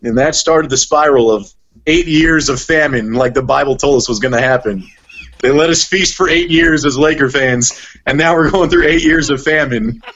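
A young man talking in casual podcast chat, lively and full of "like"s as he tells stories. His voice sits fairly high. The recording is dull and lo-fi. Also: normal speed. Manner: animated storyteller, heavy use of "like". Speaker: podcast guest, sports broadcaster.

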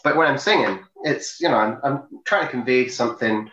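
A man's voice: mid-range voice, brisk, pushed and bright, reverberant, muffled recording. A Scottish man, a singer, speaking reflectively and hesitantly with many fillers in an interview. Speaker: singer, guest. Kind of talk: casual conversation.

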